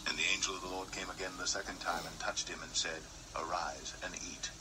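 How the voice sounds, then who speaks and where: A man reading King James scripture aloud at a Bible study, steady and rising in force at dramatic lines. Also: deep voice, fairly quick, background noise. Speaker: Bible reader.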